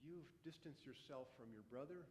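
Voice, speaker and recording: Soft, tender old father pleading with his son, hushed and lower, echo of a large church; a pastor puts him on. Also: moderate pace, slight background noise, close to an everyday voice. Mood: gently pleading. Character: patient pleading father, older man, gentle. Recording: echoey church sanctuary.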